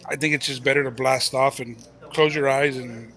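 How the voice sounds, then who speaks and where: A man's voice: medium pitch, fairly even intonation, moderate pace, sharp tone. A man doing casual color commentary on a live poker game, joking and talking to the players as if they can hear him.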